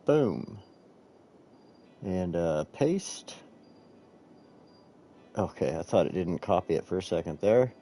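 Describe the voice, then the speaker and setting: A man's voice: sits low, big pitch swings, slow pace, pauses often, warm tone. A man hosting a casual live game stream, rambling and swearing as he talks to his chat while clicking through menus. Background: faint background music.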